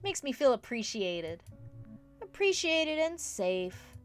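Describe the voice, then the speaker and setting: Woman putting on a goofy ghost dog, eager, joke-loving, loud, high and bouncy, swings all over. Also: very animated, takes it slowly, faint music behind, exaggerated voice. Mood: wistful. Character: cheerful, eager male ghost dog who loves jokes.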